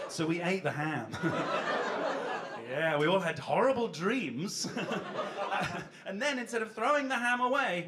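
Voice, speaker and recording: A man's voice: a little high, very noisy. A man doing a rambling, self-deprecating stand-up set, chatting with the audience from a club stage. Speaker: stand-up comedian. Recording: live club with loud crowd laughter. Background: audience laughing.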